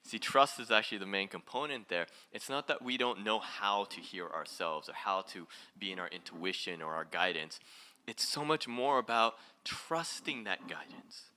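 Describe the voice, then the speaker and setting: A man giving a live inspirational talk, playful and animated, with big jumps in pitch and loudness, who asks the audience questions directly. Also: normal speed. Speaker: motivational speaker.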